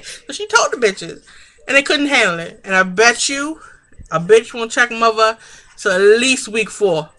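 Brief: bright, sharp-toned woman vlogger, sassy and foul-mouthed, casual review. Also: medium pitch, very animated, moderate pace. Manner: sassy, profane, chatty, laughs often. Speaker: reality-TV reviewer.

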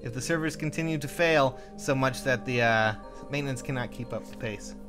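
A young man with a bright, ringing tone narrates a video game as he plays. He reads the on-screen text aloud in a playful, halting way, and soft game music sits behind him. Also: medium pitch. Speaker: lets-play player reading game text aloud. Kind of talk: casual lets-play commentary with joking character voices.

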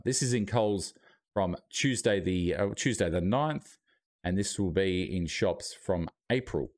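A man with an Australian accent chats casually on a live stream, his voice sitting a little low. He keeps talking through mouthfuls of food, loose and unscripted, into a streaming mic with a noise gate. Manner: chatty, talking while eating.

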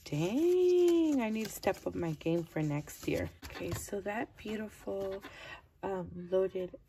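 A woman chatting casually as she opens craft mail, gushing over each piece and keeping her voice low early in the morning. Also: measured pace, creaky, mellow, a little hiss or hum. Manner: gushing, keeps low to avoid waking her child. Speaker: crafting vlogger opening mail. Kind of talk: casual unboxing chat.

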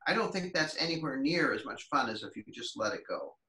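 A man, an author, speaking in a measured, reflective way in a casual video call conversation. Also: mid-range voice, big pitch swings, bright, forceful tone, distant mic. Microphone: video call mic. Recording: roomy video call from off-mic.

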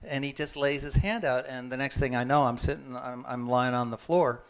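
A man's voice: medium pitch, normal speed, smooth. A man sharing a personal testimony in a casual, conversational storytelling way, chuckling and restarting his sentences as he goes. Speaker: guest speaker sharing a testimony.

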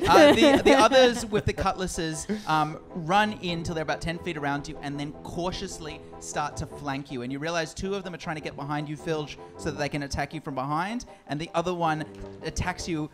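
A man narrating and refereeing a tabletop game as dungeon master, brisk and quick to laugh. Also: on the high side, steady tone. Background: music.

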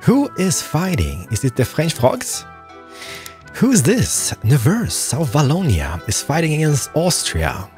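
Animated man commentating a strategy game. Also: on the high side, a little slow, soft background music. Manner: animated, excitable, muttering to himself. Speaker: gaming YouTuber. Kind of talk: gameplay commentary.

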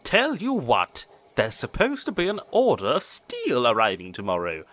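A man's voice: mid-range voice, wildly swooping pitch, moderate pace. Edward, a man doing a kind older steam engine. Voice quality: gentle, reassuring.

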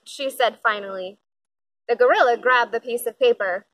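A woman reading a children's picture book aloud, with expressive, lively storytelling. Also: fairly high pitch, normal speed, dry recording, poor audio. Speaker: storybook reader.

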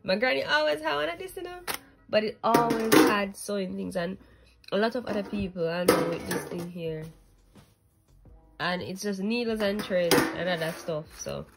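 A woman's voice: mid-range voice, moderate pace, vocal fry, over loud music, low-quality recording. A woman chatting casually to her camera in a vlog, rambling and laughing easily. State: sick, getting better. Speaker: vlogger. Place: in Japan, various places.

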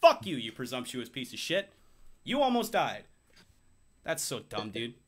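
A man's voice: medium pitch, huge pitch swings, a little slow. A young man hosting a casual podcast, sarcastic, swearing a lot and playing mock-arrogant. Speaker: podcast host. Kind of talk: casual profane banter.

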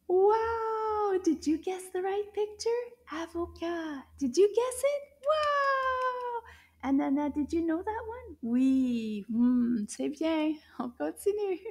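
High-voiced lady teacher doing a kids french lesson, talks slow, lots of repeat after me and big gasps. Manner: animated, exaggerated gasps and wows for kids; asks the listener to repeat after her. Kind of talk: children's language lesson.

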